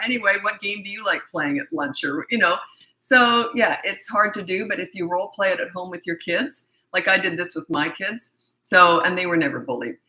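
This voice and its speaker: This is a middle-aged woman giving parenting advice in an informal Q&A, blunt and no-nonsense in her delivery. Her pitch sits fairly low, her tone is sharp, and her throat sounds a bit scratchy.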